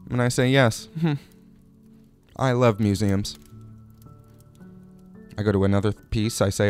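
A man's voice: mid-range voice, measured pace, pauses often, faint music behind. A man hosting a comic radio show, delivering an absurd monologue with a drawling, playful manner. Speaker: host.

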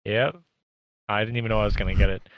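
A man's voice: on the low side, fairly even intonation, fast, no room sound, rough recording. A young man as a podcast guest, talking in a laid-back, hesitant way with many fillers. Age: young adult. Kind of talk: casual chat.

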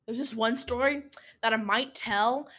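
Teen girl podcasting from her room, kinda high voice, rambles and keeps saying sorry. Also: unhurried, a bit bright. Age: teens. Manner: rambling, apologetic, easily sidetracked. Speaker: podcast host. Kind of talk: casual storytelling podcast. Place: room at home.

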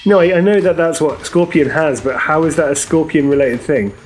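A man chatting casually while watching a film, skeptical and quick to argue, with a dry manner. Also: on the high side, darkish tone. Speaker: film watch-along co-host. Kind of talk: casual reaction chat over a film. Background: faint film soundtrack music.

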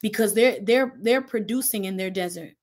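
A woman's voice: medium pitch, moderate pace, darkish tone. Earnest woman pastor preaching in conversation. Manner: earnest, preaching cadence with repetition. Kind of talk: faith podcast conversation.

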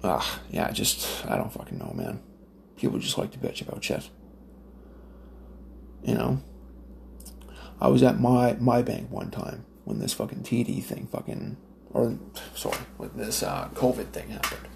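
A man's voice: mid-range voice, sing-song, unhurried, vocal fry, long pauses, darkish tone, slight background noise. A man from Nova Scotia, Canada, ranting in a casual, profane, rambling monologue with lots of fillers and restarts. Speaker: smoker telling stories.

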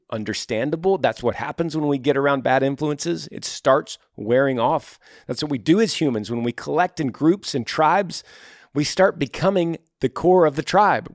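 Male host, casual advice talk, animated storyteller, dry close mic. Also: on the high side, no echo. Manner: animated, acts out little scenes in quoted voices. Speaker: host answering listener emails.

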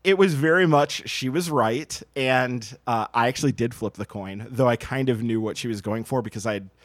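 A man co-hosting a podcast, telling a school story in an animated, casual way with many fillers. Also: mid-range voice, normal speed, dry recording. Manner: animated, full of like and you know. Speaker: podcast co-host.

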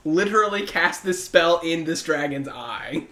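A man's voice: fairly high pitch, animated, measured pace, bright, forceful tone. A man who plays in a tabletop game, co-hosting a casual podcast chat with dry, wry remarks. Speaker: player and podcast co-host. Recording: echoey room.

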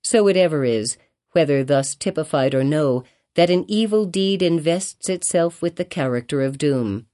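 A woman narrating an audiobook of a classic novel in a measured, formal reading. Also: low-pitched, animated, warm tone.

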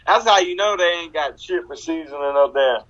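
A man with a high, bright voice trades loose, slangy jokes with his friends as a podcast co-host. He is on a remote call, and the sound comes through muffled and lo-fi. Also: brisk. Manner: loose, joking, slangy banter. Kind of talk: casual chat. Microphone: remote call audio that cuts out.

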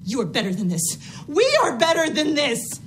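A stern, fiercely protective mother who scolds her daughter in a film scene. The voice is high and swings widely in pitch. The delivery is sharp and intense. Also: sing-song, moderate pace, slight background noise, poor audio. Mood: angry scolding. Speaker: actress in a film clip.

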